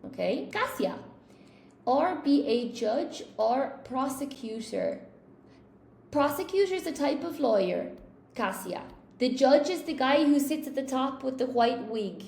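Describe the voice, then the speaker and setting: A woman teaching English live, chatty and relaxed as she answers viewers and trips over her own words. Her voice sits a little high with a gravelly edge. She sounds like she is in an echoey room with a faint hiss behind her. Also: a little slow. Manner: chatty, reads chat questions aloud, laughs at own slips. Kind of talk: live-streamed English lesson.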